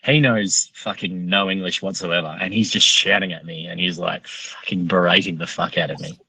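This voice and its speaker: A man with an Australian accent, a podcast guest telling a story in a casual, animated, profane way. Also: low voice, normal speed, creaky, slightly rough, poor audio.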